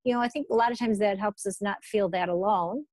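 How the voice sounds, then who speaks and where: A woman's voice: medium pitch, fairly quick, a little mellow, no echo. A woman therapist talking through advice in a thoughtful, hesitant way, with many fillers and restarts. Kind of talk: casual conversational advice.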